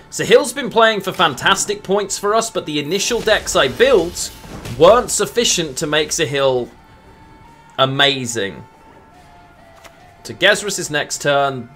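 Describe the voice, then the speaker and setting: A man streaming a game, talking in a fairly high, very animated voice that rises and falls a lot. He thinks aloud about his moves and chats with viewers as he plays. Faint game music runs softly behind him. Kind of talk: casual commentary while playing a game.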